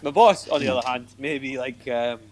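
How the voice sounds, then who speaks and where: A man's voice: medium pitch, normal speed. A man co-hosting a podcast, teasing and joking in casual banter. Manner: jokey, teasing. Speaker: podcast co-host.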